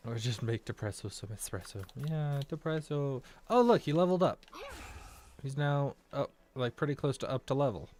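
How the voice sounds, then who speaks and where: A man's voice: medium pitch, moderate pace, darkish tone. An American man chatting casually through a let's-play, rambling from thought to thought and talking to the game's characters. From United States. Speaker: gaming video creator.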